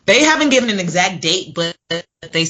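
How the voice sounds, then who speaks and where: A woman's voice: mid-range voice, very animated, fairly quick, sharp tone. A woman co-hosting a podcast, playful and joking in casual chat. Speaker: podcast co-host.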